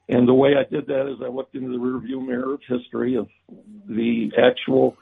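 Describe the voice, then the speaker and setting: A man being interviewed about his book, talking haltingly with many restarts and fillers. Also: mid-range voice, lively intonation, creaky, slightly rough. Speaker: book author guest. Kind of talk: remote interview. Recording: tinny phone-like line.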